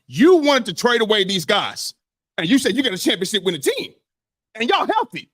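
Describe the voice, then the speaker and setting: A young man co-hosting a sports podcast, loud and insistent, arguing in a heated debate. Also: sits high, very animated, fairly quick, dry recording, studio quality. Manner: loud, insistent, says he always talks this way. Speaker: podcast co-host.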